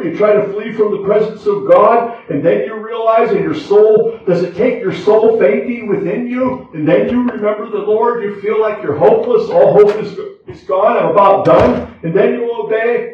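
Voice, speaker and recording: A man preaching an evening church sermon and leading prayer, with a preaching cadence that sinks into hushed low passages and climbs into fervent appeals. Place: church sanctuary. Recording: echoey room from far off, dull sound.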